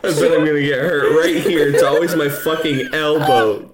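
A player making slow, crude wisecracks at a tabletop game. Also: medium pitch, steady tone. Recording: loud noisy, echoey room.

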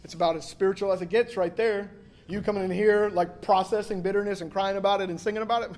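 A pastor with a high, slightly mellow voice preaches a sermon in a casual, joking way, speaking fast with a steady tone. He acts out quotes and says "like" a lot.

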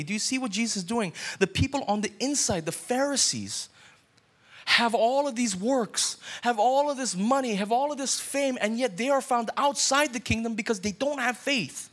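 A man's voice: very high-pitched, moderate pace, a bit bright. A man, a pastor, preaching a sermon in an earnest way and putting questions straight to his listeners.

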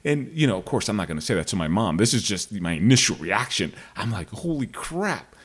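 Man with a low husky voice. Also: lively intonation, fast. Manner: rambling, digressive, frank. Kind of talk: casual storytelling monologue.

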